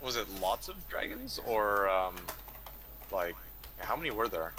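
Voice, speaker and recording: A man's voice: lowish voice, very animated, measured pace, background noise. Playful male commentator over keyboard clicks. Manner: self-deprecating, playful. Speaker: game commentator. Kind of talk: live game commentary. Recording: clear keyboard clicks behind. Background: keyboard typing.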